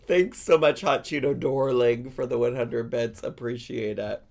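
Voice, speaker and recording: A man's voice: mid-range voice, steady tone, measured pace, gravelly, hardly any pauses, darkish tone. A man hosting a casual live stream, chatting playfully with viewers and breaking into squeals and giggles. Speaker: streamer host.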